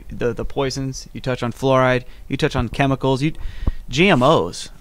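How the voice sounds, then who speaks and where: A man co-hosting a casual podcast, talking in deadpan sarcasm and pausing on many fillers. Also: mid-range voice, slight background noise. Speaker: podcast co-host. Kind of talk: casual round-table chat.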